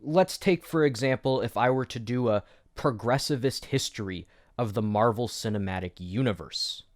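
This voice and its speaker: A man's voice: mid-range voice, moderate pace, no room sound, studio quality. A man hosting an educational video essay, explaining history with wry, jokey asides. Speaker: educational YouTube host.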